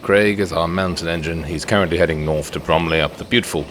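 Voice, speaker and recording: A man's voice: sits low, fast, fairly bright tone, a little hiss or hum. A man hosting a let's play, giving chatty, playful commentary and joking with himself as he builds. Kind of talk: casual gameplay commentary.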